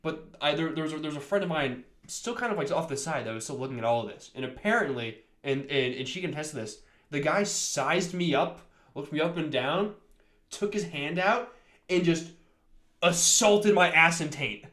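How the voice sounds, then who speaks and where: Animated young man telling a story, echoey room. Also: fairly high pitch, normal speed. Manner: animated, laughing, swearing, many restarts. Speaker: podcast co-host. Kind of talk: casual storytelling chat.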